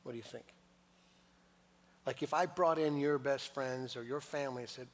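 A man preaching a sermon, moving between hushed, intimate lines and loud, emphatic passages. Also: mid-range voice, normal speed, pauses often, slight background noise. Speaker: pastor. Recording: long reverb of a large hall.

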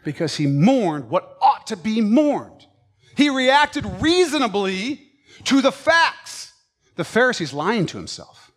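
A man preaching a sermon with passion, swinging between loud, emphatic lines and quiet, low ones. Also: big pitch swings, a little slow.

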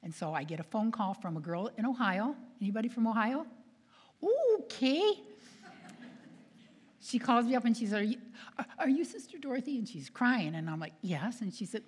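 A woman's voice: medium pitch, expressive, fast, few pauses, husky. A woman giving a storytelling talk to an audience, acting out the voices of the people she quotes and laughing often. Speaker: speaker at a retreat. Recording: long hall reverb.

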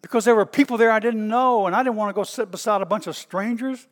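A middle-aged man with a Southern US accent, a pastor preaching in a folksy, storytelling way that bursts out loud at times. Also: sits high, fast talker, in a large hall. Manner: folksy and animated, stretches words, bursts out loud. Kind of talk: storytelling sermon.

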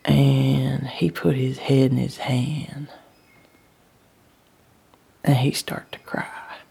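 A woman telling a first-person story in a hushed, breathy voice and a regional dialect. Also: a bass voice, flat delivery, very slow.

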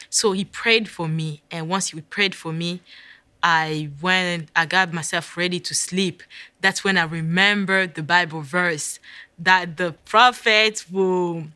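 Bright-voiced African woman telling a story. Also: fairly low pitch, a little slow, no echo. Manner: vivid, dramatic retelling with hushed whispered asides. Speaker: guest. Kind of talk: storytelling in a conversation.

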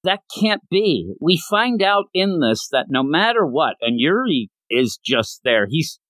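A man hosting a casual manga discussion podcast, retelling each scene with a lot of energy. His voice sits a bit high and leaps around constantly as he pops into little character voices. The sound is close and dry, with no room around it. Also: big pitch swings, unhurried, fairly bright tone, dry recording. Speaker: podcast host.

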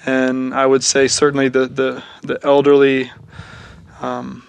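A young man speaks in a flat, even tone, recorded dry and close. He talks haltingly, full of pauses and restarts, as he thinks through ideas of faith. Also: mid-range voice, vocal fry, clear, resonant tone, no echo, highs cut off. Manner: halting, many fillers and restarts, thoughtful. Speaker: podcast co-host. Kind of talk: reflective faith discussion.

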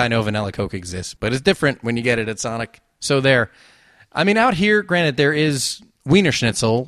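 A man's voice: lowish voice, dry recording. A man hosting a casual solo show, making dry, sarcastic asides as he talks. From New Jersey. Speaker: podcast host.

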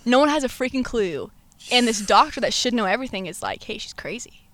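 A woman's voice: fairly high pitch, quick pace, no room sound. Young woman on a podcast, chatty and slangy, laughs a lot, dry close sound. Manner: animated storytelling, laughs often, slangy. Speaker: podcast guest. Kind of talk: casual chat.

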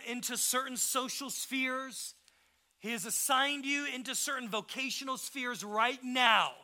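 This high-pitched man is a pastor preaching fervently. He shifts from soft, tender stretches to emphatic high points, peppering his delivery with offhand asides and fast restarts.

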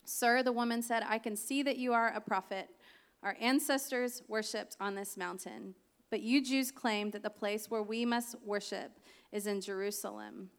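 A woman's voice: medium pitch, normal speed, clear, resonant tone. A woman preaching a sermon, reading scripture aloud with chatty, laughing asides.

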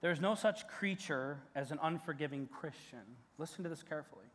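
High-voiced pastor preaching in a reverberant church. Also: male voice, animated, fairly quick, a bit bright. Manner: conversational preaching with restarts, rising to emphatic peaks. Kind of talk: sermon. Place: church sanctuary. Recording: long church hall reverb.

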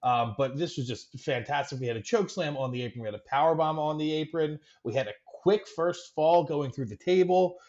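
An excitable man co-hosting a podcast, joking his way through casual chat with a slightly high voice. He leans on fillers and quick asides. His recording sounds dull and lo-fi. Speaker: podcast co-host.

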